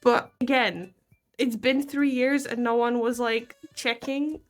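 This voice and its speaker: A woman's voice: fairly high pitch, normal speed, soft background music. A woman vlogger casually summarizing a book, rambling and self-deprecating, laughing often as she talks. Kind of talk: casual chat.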